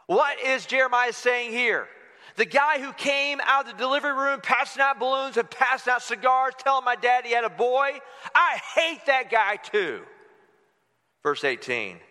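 A man preaching a sermon as pastor, animated, acting out quotes with shifting voice. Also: very high-pitched, moderate pace. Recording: long hall reverb.

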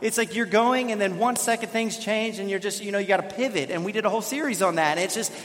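High-voiced pastor preaching in a reverberant sanctuary. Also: male voice, fast talker. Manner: storytelling, self-deprecating, animated. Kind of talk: sermon. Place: church sanctuary. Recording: long hall reverb.

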